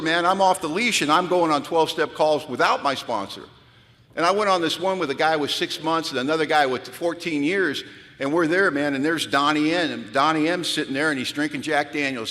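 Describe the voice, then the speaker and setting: Man, 50s, lively storyteller at the podium; a higher, bright voice carried by hall reverb. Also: a little fast. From Pacific Northwest of the US. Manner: animated, acts out dialogue, drops low for his own past self. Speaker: recovery retreat speaker. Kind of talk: storytelling talk to a live audience. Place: large hall.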